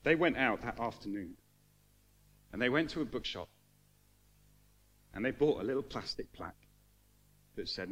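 An earnest male preacher delivering a sermon in a church hall. His voice is mid-pitched and sincere. He builds to fervent emphasis, then falls quiet and reflective. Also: animated, moderate pace, long pauses.

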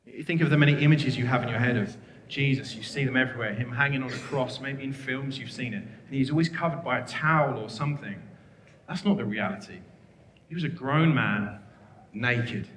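A man preaching a sermon, earnest and emphatic, rattling off scripture references. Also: medium pitch. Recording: echoey hall with long reverb.

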